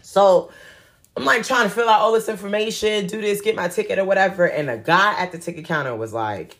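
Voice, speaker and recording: A young woman telling a casual, animated storytime about missing a flight, full of slang, talking straight to her viewers. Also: medium pitch, a little fast.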